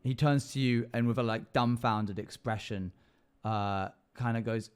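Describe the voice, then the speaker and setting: A man's voice: mid-range voice, steady tone, measured pace, smooth. Casual man narrating a streamed adventure. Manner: casual, rambling narration with many fillers. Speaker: streamer running an interactive adventure. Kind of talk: live narration of a choose-your-path game.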